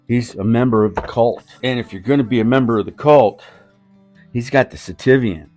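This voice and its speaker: A man's voice: medium pitch, a little fast, darkish tone, soft background music. A man in his fifties hosting a casual vlog, rambling and joking as he hands out giveaway knives. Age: 50s. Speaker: knife channel host.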